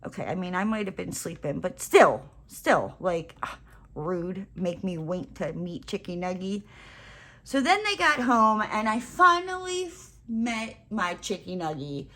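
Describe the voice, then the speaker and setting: A woman craft vlogger telling a rambling, animated story while she crafts, with playful self-mocking exclamations. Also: on the low side, a little slow.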